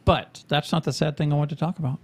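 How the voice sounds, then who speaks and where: Man, podcast co-host, gravelly, rambling and profane, casual chat. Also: a little high, fairly even intonation, quick pace.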